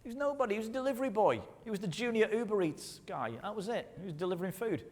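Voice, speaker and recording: A man with a high voice preaches a sermon in a church hall. His voice carries a long reverb. He talks in a lively, conversational way, asking the congregation plenty of rhetorical questions. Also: very fast. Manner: leads the congregation in call-and-response. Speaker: pastor.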